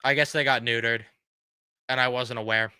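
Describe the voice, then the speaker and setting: A man's voice: mid-range voice, fairly even intonation, normal speed, sharp tone, clear, resonant tone, dry recording, clean studio sound. A man hosting a fan reaction show, ranting bluntly and sarcastically about his team while losing his voice. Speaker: sports fan show host.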